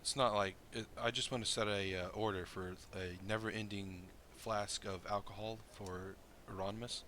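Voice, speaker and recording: Lowish-voiced man with faint noise behind. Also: fairly even intonation, moderate pace, pushed and bright. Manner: casual, clears throat. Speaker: player. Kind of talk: casual tabletop play.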